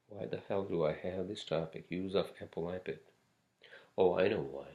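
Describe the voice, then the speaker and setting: A man hosting a casual solo podcast, rambling from topic to topic with frequent swearing and fillers. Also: low-pitched. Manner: rambling, profane, many fillers and asides. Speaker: podcast host.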